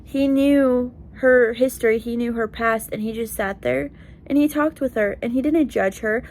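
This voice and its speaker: A woman's voice: a little high, moderate pace, darkish tone, a little hiss or hum. A young woman vlogging in a heartfelt, casual way, earnest and emotional, with lots of "like" and "you know". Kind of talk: heartfelt casual vlog talk.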